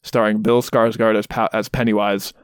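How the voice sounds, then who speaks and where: A man co-hosting a podcast, talking in a quick, matter-of-fact way. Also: on the low side, little pitch movement, clear, resonant tone, dry recording, clean studio sound. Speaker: podcast co-host. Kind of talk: casual chat.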